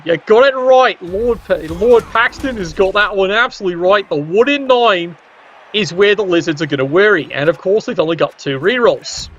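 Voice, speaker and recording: A man's voice: high voice, a bit bright, slightly rough, muffled recording. A man giving casual, chatty commentary on a tabletop-style video game, joking with viewers in the chat.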